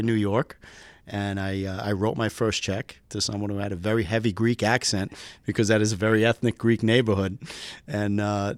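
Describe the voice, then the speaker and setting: A man's voice: fairly low pitch, dry recording. A man from the US East Coast, a police aviation lieutenant telling stories as a guest and laughing often. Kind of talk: storytelling interview answers.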